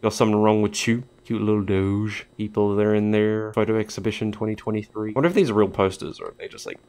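A man's voice: on the low side, steady tone, fast talker, darkish tone. A man giving casual let's-play commentary, joking, swearing and talking back to the characters on screen. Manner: jokey, swears, talks to game characters. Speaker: gaming YouTuber.

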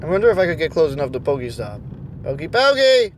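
A man's voice: on the high side, animated, very fast, darkish tone, a little hiss or hum. A young man ranting and cursing nonstop while driving around and vlogging. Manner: angry, cursing constantly. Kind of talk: casual rant while driving. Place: in a car.

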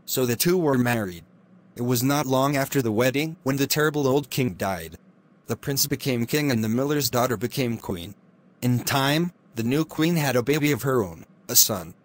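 A man narrating a classic fairy tale in a steady, clear reading voice. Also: mid-range voice, moderate pace. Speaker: storyteller.

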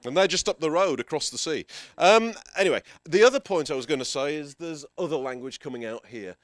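Man, teacher trainer, workshop talk, energetic, animated pitch, dry close sound. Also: brisk, no echo. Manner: energetic, directs the audience, playful asides. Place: conference room with a live audience.

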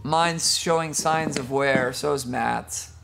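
A man's voice: medium pitch, slow, creaky, crowd noise. A man teaching a jiu-jitsu class over a video call, teasing students between technique corrections. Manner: joking, teasing coach giving technique corrections. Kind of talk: online class instruction.

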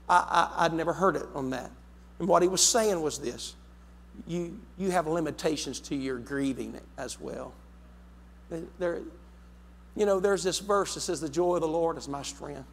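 A man preaching a sermon as pastor, emphatic, repeating his words and swinging between loud and soft. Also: fairly high pitch, normal speed. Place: church sanctuary. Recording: long hall reverb in a church.

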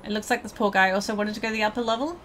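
A woman's voice: mid-range voice, steady tone, rapid-fire, fairly bright tone, slight background noise. A woman giving casual let's play commentary, chatting to viewers and swearing at game characters.

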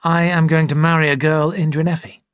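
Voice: medium pitch, level tone, brisk, clear, resonant tone, dry recording, clean studio sound, pitched above the performer's own voice, lightly acted. A reader voicing an eager, earnest young male doctor who talks in a raised, lifted tone.

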